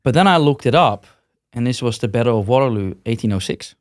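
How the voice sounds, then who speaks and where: A man's voice: mid-range voice, expressive, fast talker, no echo, clean studio sound. A man talking as a podcast guest, in a loose, rambling way with frequent restarts and repeated words. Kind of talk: casual interview conversation.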